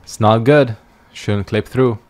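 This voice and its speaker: A man's voice: on the low side, takes it slowly, darkish tone. A male streamer giving casual gameplay commentary, making wry jokes and yawning as he plays. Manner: wry, joking asides while playing. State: sleepy, yawning.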